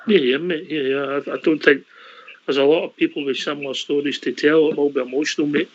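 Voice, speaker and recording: A Scottish man hosts a casual online call-in chat, his voice sitting a touch high. He talks in a loose, chatty way, dropping words like aye and wee. The audio is slightly dull, like an online call. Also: steady tone, quick pace, a little hiss or hum. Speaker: call-in show host.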